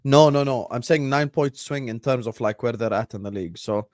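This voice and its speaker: A man co-hosting a football chat show, arguing in heated casual banter and swearing as he goes from grumbling to loud protest. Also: mid-range voice, fairly quick, no echo, clean studio sound.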